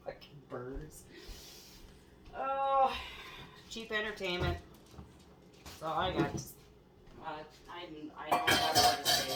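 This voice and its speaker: A woman's voice: on the low side, lively intonation, unhurried, pauses often, heavy background noise. Chatty, foul-mouthed woman cooking at home. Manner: chatty, swears freely, laughs at her own stories. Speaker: home cooking show host. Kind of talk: casual cooking chat. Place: home kitchen.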